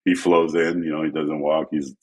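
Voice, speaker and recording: A man telling casual stories as a guest photographer, acting out quotes in an animated way. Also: moderate pace. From France. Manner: animated, acts out quotes with shifting pitch. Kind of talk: casual storytelling.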